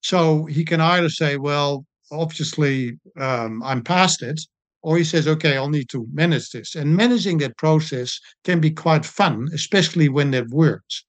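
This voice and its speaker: An older man, a sports doctor telling stories in a relaxed interview, with frequent pauses and ums. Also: on the high side, dry recording. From New Zealand. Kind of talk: casual storytelling interview.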